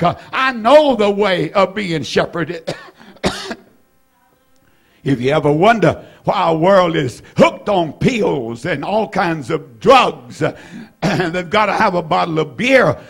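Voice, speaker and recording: A man in his seventies preaching an evening sermon in a fervent, repetitive way with bursts of shouting and frequent "uh" fillers. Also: sits high, creaky, slightly rough. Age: 70s.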